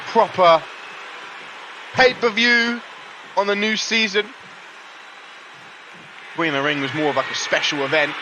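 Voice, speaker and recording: Using a laptop microphone, a young man with a voice on the high side chats through live wrestling game commentary and greets his viewers. Music plays behind him, adding background noise.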